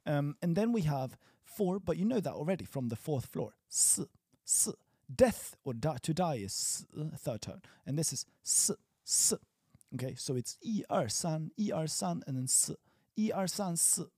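A man teaching a casual language lesson, chatty, repeating words slowly for learners. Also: a little high, lively intonation, dark tone, breathy edge, no room sound, studio quality.

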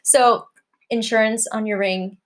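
A woman's voice: fairly high pitch, steady tone, measured pace. A woman co-hosting a casual podcast, telling stories in a blunt, dry way. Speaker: podcast co-host. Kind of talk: casual chat.

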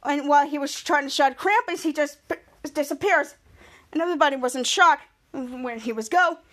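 A woman with a high voice hosts a casual podcast recap, walking through scene after scene. She rambles, stumbles over her words, and loops back on herself as she goes. The delivery is loose and chatty, not scripted. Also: a little fast, a bit bright. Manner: rambling, repeats itself often, restarts sentences. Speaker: podcast host.

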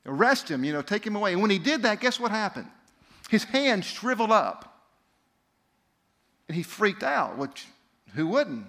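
Male preacher, a little high-pitched, casual storyteller who slips into the voices of the people he quotes. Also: sing-song, moderate pace, pauses often, sharp tone. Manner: conversational retelling, briefly voicing the people in the story; reads scripture aloud with emphasis. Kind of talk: sermon storytelling.

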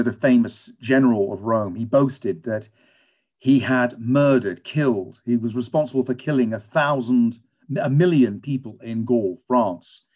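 A British man, a teacher and guest, telling lively stories in a conversational interview. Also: mid-range voice. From England. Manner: animated storyteller, lively and emphatic.

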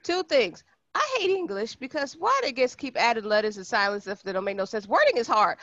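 A woman's voice: fairly high pitch, very animated, fairly bright tone, dry recording, lo-fi sound. Blunt woman, podcast co-host. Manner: blunt, teasing, quick to protest. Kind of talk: casual chat.

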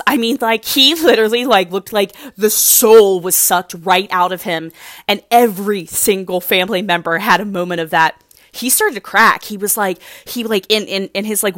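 A woman's voice: medium pitch, a bit bright, dry recording, studio quality. A young woman casually recapping a dating show, gushing and rambling with lots of "like". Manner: gushing, rambling, heavy use of "like".

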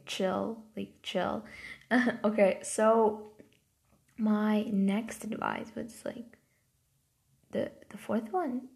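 In a loose, rambling vlog, a woman chats to camera and fills every gap with "like." Her voice is mid-pitched for a woman with a gravelly, fry-heavy edge, and she starts out passionate before turning softer and quieter.

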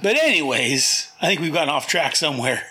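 A man's voice: on the high side, very animated, fairly quick, sharp tone, a little hiss or hum. A man hosting a podcast about a TV show, in a jokey casual chat full of laughter. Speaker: podcast host.

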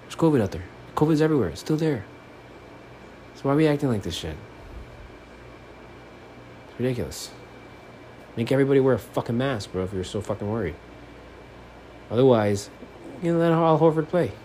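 A man from Miami talking alone on his sports podcast in his apartment, cursing constantly and swinging between low, subdued mumbling and loud, animated ranting. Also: brisk, pauses often, a little hiss or hum. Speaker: podcast host. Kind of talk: casual solo sports podcast rant.

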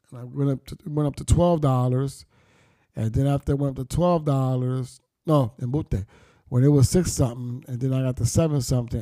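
A man's voice: medium pitch, dark tone, dry recording, clean studio sound. A middle-aged man telling his life story candidly, blunt and profane, with street slang and reflective turns. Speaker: storyteller recounting his past.

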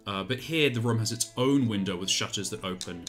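A man narrating a tabletop game as game master, in a relaxed, descriptive way with many fillers. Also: fairly low pitch, a little fast, soft background music.

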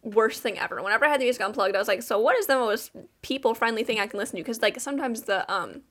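Young woman, podcast co-host, rambling casual chat, fairly high pitch. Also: fairly bright tone. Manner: rambling storyteller, quick restarts and fillers.

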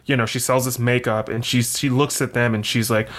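A man's voice: mid-range voice, steady tone, a little fast, few pauses, fairly bright tone. A man co-hosting a podcast, chatting casually about a film with lots of fillers and jokes. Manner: rambling, many fillers, joking. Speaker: podcast co-host. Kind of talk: casual chat.

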